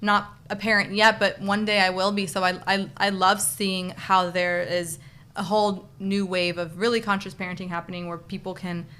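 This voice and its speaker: Bright-voiced young woman explaining earnestly. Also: mid-range voice, little pitch movement, moderate pace, clean tone. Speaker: podcast guest. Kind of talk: casual conversation.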